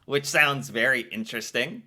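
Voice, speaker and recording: An American man giving casual reaction commentary in an excitable, playful way, with an American accent. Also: mid-range voice, normal speed. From United States. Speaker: reaction video creator.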